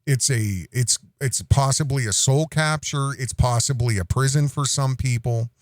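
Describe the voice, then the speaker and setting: A man hosting a podcast, telling a rambling casual story and jumping up high in pitch when he imitates a small child. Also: moderate pace, dry recording, clean studio sound. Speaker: podcast host.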